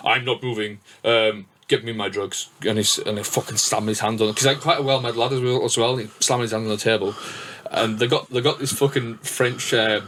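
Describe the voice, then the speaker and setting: A man's voice: mid-range voice, steady tone, fairly quick, a bit bright, slight background noise. A man with a northern English accent hosting a podcast, telling rambling stories with lots of swearing and restarts. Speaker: podcast host and DJ. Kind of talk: casual podcast chat.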